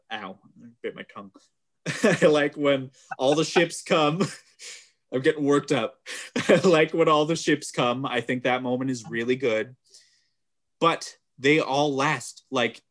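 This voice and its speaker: A man in casual conversation about movies, recapping scenes with loud, animated exclamations and frequent laughter. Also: medium pitch. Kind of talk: casual chat.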